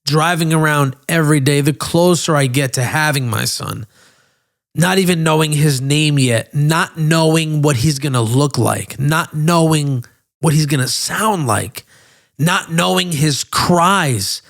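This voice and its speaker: A podcast host in his thirties, with a slightly high, creaky voice and an unhurried pace, shares a personal story. He tells it candidly and emotionally, swearing often.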